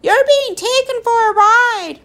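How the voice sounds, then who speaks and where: A woman voicing a clumsy female bird who shrieks in a shrill voice. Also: a little slow, pushed and bright, heavily acted. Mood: shrieking.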